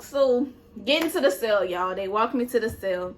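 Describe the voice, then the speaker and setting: A woman telling a personal story in a casual vlog, animated and profane, talking straight to her viewers. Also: a little high, moderate pace. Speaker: vlogger.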